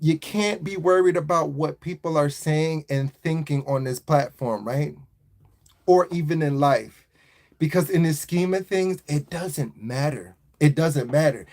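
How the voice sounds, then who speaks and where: A man's voice: fairly high pitch, a little slow, a little mellow. A man hosting a casual motivational livestream, talking in a preachy, repetitive way and often checking in with his listeners. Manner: repetitive, preachy, keeps asking "right?".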